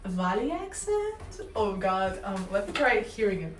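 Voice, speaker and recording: Chatting playfully with live-chat viewers, a young Slavic-accented woman speaks in a mid-range voice with fairly even intonation at a moderate pace. A distant mic gives the recording a roomy sound, and some background noise comes through.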